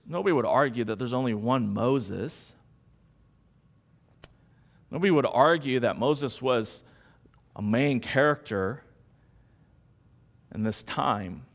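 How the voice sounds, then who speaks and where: A man pastor preaching a sermon in an animated, conversational way, posing rhetorical questions to his congregation. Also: mid-range voice.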